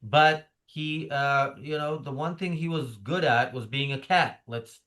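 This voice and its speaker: A man's voice: fairly high pitch, unhurried, a bit bright. A man hosting a casual political talk show, sardonic in tone, reading out viewer comments. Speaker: show host.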